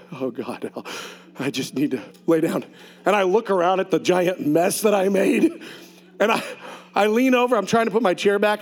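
A man preaching a lively sermon testimony to a congregation, telling his story with animated, shouted outbursts. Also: high-pitched.

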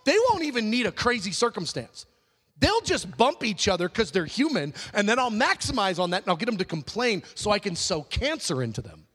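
A male pastor delivers an animated sermon. His voice sits high and swings widely, often leaping up into loud emphasis. The sound carries the long reverb of a large hall. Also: a little fast, slightly rough.

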